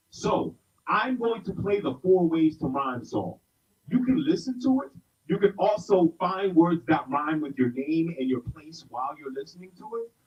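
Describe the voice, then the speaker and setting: A middle-aged man from South Carolina teaching a hip-hop rhyming workshop to a group, upbeat and playful, with call-and-response. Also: fairly high pitch. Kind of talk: interactive workshop lesson. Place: indoor room with an audience. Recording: roomy, distant, dull sound.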